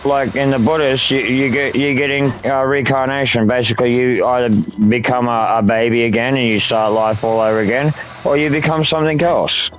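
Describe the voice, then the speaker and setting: A man's voice: medium pitch, steady tone, a little fast, faint music behind, low-quality recording. A man chatting casually while gaming, rambling and swearing a lot. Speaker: gaming streamer.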